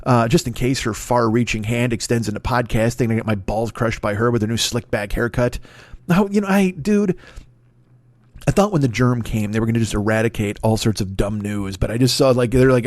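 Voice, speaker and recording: A man's voice: medium pitch, brisk, no echo. A man in his forties hosting a solo comedy podcast, rambling through profane, self-mocking tangents. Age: 40s. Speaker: podcast host.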